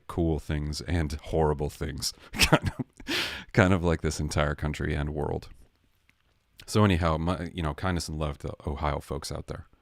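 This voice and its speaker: A man's voice: very deep voice, no echo, clean studio sound. A man hosting a livestream, telling a story in a jokey, sarcastic way and correcting himself as he goes. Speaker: livestream host. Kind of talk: casual storytelling rant.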